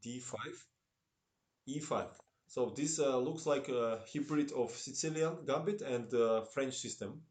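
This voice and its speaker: A man's voice: mid-range voice, measured pace, a little mellow. A man with a Russian-tinged accent and broken English, commentating chess on a live stream, chatting with viewers and laughing often. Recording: roomy echo.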